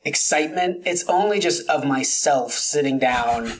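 A man's voice: fairly high pitch, a little slow, poor audio. A man, a comedian guest from the Americas, talking in a rambling, self-deprecating way and slipping into silly voices. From United States. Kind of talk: casual interview chat.

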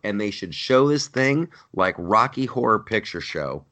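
A man hosting a podcast, retelling a show in an animated, mocking, comedic way. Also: measured pace, few pauses. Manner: animated, mocking retelling with big pitch jumps. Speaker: podcast host. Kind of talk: casual comedic chat.

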